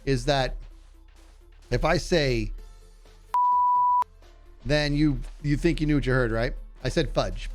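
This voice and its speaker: A man's voice: medium pitch, slow pace, long pauses, soft background music. A man with a nasal voice chatting casually on a gaming livestream, reading and answering his chat as he plays. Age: adult. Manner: chatty, reads and answers chat while playing. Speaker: streamer.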